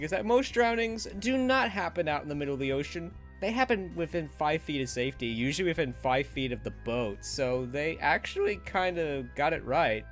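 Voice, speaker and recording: A man giving a casual, chatty spoken review of a cartoon episode, animated and often laughing at himself. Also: high-pitched. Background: faint background music.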